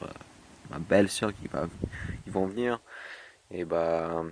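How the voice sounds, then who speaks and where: A French man talking in a casual video diary in English with a French accent, halting with many fillers and slipping into French. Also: low-pitched, noisy background. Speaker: vlogger.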